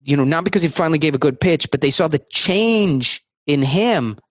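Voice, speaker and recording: A man talking as a guest on a podcast interview, emphatic and rapid-fire, acting out his sales talk. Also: fairly high pitch, expressive.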